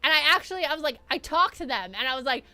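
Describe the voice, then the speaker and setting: A young adult woman streamer telling a story in casual chat, excitable, filling her talk with "like" and swinging between loud bursts and mumbled asides. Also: high-pitched, racing, no echo. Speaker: streamer recapping an event.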